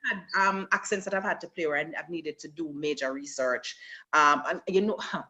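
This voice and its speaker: Bright-voiced Jamaican woman, animated. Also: sits low, brisk. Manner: animated storyteller, slips into patois. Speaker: actress interviewee. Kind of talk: conversational interview.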